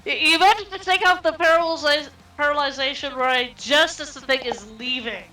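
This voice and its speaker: A woman runs a tabletop game with a high, bright voice and a chatty, halting manner. She sits a little away from the mic. Faint music plays under her. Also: echoey room, recorded from a distance, poor audio. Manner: laughing, chatty, halting restarts. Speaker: game master.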